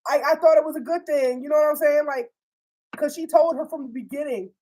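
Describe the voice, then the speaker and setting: A young woman with a slightly high voice, talking through a show's plot in a loose, slangy storytime way. She swears freely and acts out the characters' lines as she goes. Her delivery stays animated the whole way through. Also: a little fast, rough recording. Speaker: host recapping a TV series. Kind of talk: casual storytime chat.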